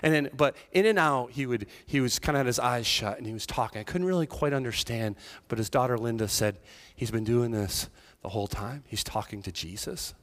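A man preaching a sermon as pastor, talking conversationally and moving between hushed, near-whispered passages and raised, emphatic ones. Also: medium pitch, a little fast.

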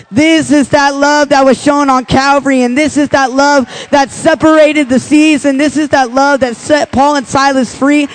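Young male youth preacher, high-pitched, emotional testimony into a passionate altar call. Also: rough recording. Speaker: youth speaker. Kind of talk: sermon.

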